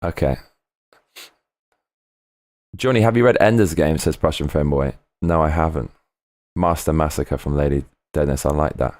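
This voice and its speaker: A man's voice: a bass voice, normal speed, long pauses, a little mellow, no room sound. A man on a casual live stream, rambling between topics, swearing freely and reading viewer comments aloud.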